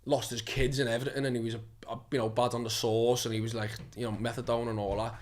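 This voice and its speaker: A man's voice: mid-range voice, level tone, fast. A young man, an actor telling stories in a casual, swear-filled way and laughing as he goes. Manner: swears freely, laughs through his stories. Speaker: actor guest. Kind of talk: casual storytelling.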